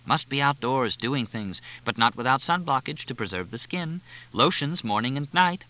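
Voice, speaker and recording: Man voicing a young woman, raised pitch, emphatic, lecturing, bright tone, audiobook. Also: lively intonation, moderate pace. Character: outspoken blunt young woman.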